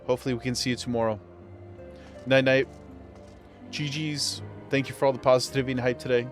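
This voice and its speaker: Chatty male streamer, mid-pitched voice, laughs often, faint game music under him. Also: fairly even intonation, brisk. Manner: chatty, laughing, talks to chat. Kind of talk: casual livestream chat.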